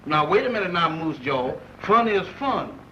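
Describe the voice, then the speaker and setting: A man's voice: moderate pace, recorded from a distance. An actor playing a jittery man who guards his bed and panics easily, in 1940s film comedy style. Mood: wary. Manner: high, excitable, rising to frightened yelps. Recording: dull old film soundtrack with hiss.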